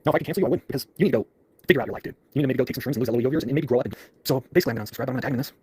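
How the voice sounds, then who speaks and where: Rapid-fire ranting man. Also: mid-range voice, warm tone, slight background noise. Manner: intense, swearing, preachy. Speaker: online video creator. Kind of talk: fast rant to camera.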